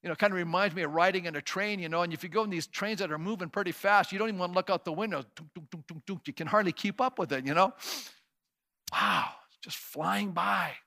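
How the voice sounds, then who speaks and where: A male pastor preaches a sermon in a high, creaky voice that is pushed and bright, talking fast. He reads scripture aloud, then builds to emphatic, repeated declarations, using sound effects and putting rhetorical questions to the congregation.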